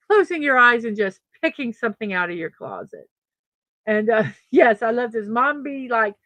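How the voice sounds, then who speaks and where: A woman's voice: on the high side, fairly bright tone, no echo, lo-fi sound. A middle-aged woman hosting a daily morning show in a casual chat, reading birthdays and memes, laughing often and stumbling over names.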